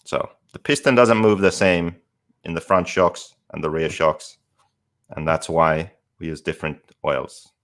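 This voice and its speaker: A man with a very low voice talks on a casual podcast. He lays out technical details methodically, one step at a time, in a relaxed chat style. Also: unhurried. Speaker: podcast co-host and expert.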